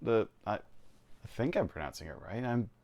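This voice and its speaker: A man's voice: on the low side, very animated, normal speed, creaky, darkish tone. A man from Canada streaming a game, chatting casually, laughing often and poking fun at himself. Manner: chatty, laughing, self-deprecating. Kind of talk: casual gameplay chat.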